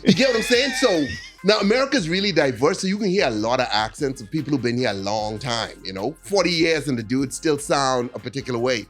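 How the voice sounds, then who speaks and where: A man sits in as a podcast guest and tells his stories in a loose, rambling way. He keeps checking in with his listeners, and soft music plays faintly underneath. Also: medium pitch, animated, fairly quick. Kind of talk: casual storytelling chat.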